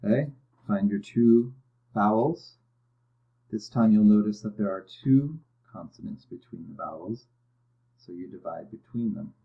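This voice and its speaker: A man's voice: on the low side, a little slow, vocal fry. A man teaching a phonics lesson, explaining step by step and often checking in with "okay". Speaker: reading teacher. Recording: dull lo-fi audio.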